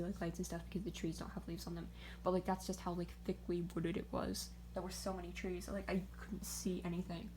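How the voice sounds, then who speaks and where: Young woman vlogger, low-set voice, rambly storyteller who swears a lot. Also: darkish tone, slight background noise. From greater Pittsburgh area. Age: young adult. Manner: rambling, filler-heavy, swearing and laughing. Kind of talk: casual storytime chat.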